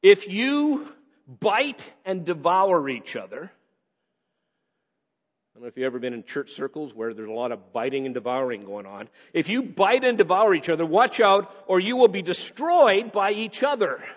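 A male pastor preaching a sermon, swinging between raised emphasis and quick, low asides. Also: lively intonation. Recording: dull sound with long hall reverb.

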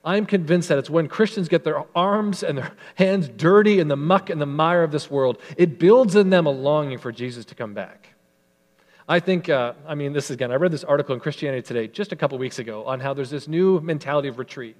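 A male pastor preaches an earnest, emphatic sermon in a fairly high voice. When reading scripture, he slows and softens, and a long hall reverb trails after his words.

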